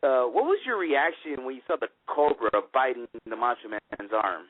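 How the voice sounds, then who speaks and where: Male co-host, animated pitch, rambling, phone-line audio. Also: normal speed, no echo. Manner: lively, rambling questions. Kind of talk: casual radio show chat. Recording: tinny phone-line sound.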